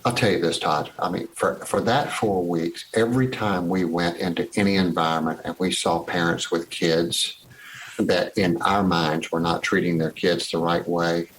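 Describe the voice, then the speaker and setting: A man in his sixties, a guest telling stories from his life in a casual interview, animated and acting out old conversations. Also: sits low, moderate pace, a little hiss or hum, poor audio. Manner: animated storyteller who acts out past conversations.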